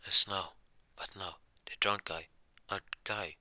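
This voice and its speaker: A man improvising a fan story narration, halting with frequent restarts and self-corrections. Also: low-pitched, steady tone, pushed and bright, no room sound.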